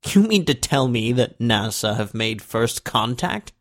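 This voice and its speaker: Man voicing an excitable, impatient president. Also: mid-range voice, moderate pace, natural voice. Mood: excited. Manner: eager, pressing questions.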